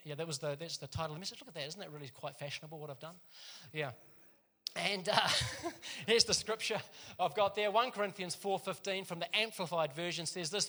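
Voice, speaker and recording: A man's voice: high voice, brisk, pushed and bright. A man, a pastor giving a casual, chatty sermon in a church and laughing often as he tells stories.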